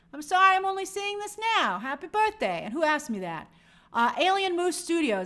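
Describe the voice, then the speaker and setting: A woman hosting a live stream from her home in New York, reading viewer comments aloud and giving friendly shout-outs in a chatty, apologetic way. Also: very high voice, big pitch swings, normal speed.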